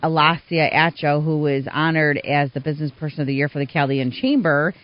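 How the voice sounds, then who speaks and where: A woman hosting a community radio interview show, telling stories in an animated way. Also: low voice, a little fast. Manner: animated storyteller, acts out quoted voices. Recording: dull, slightly muffled radio sound.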